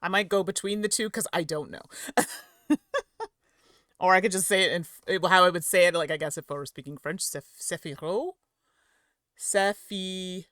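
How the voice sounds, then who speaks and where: Chatty, bright-voiced woman streamer. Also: lowish voice, a little fast, pauses often, no echo, clean studio sound. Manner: chatty and giggly, stumbling over words and correcting herself. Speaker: streamer and host. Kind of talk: live-stream rules explanation and chat with viewers.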